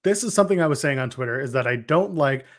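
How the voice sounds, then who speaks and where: A young man co-hosting a podcast, casually chatting about wrestling with quick joking asides. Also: mid-range voice, lively intonation. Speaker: podcast co-host.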